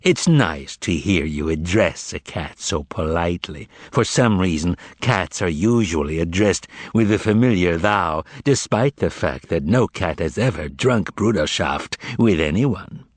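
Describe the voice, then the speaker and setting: A man's voice: low-pitched, animated, unhurried, hardly any pauses, no echo. A man voicing a proud talking tomcat with a haughty, indignant manner, in an audiobook. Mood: flattered.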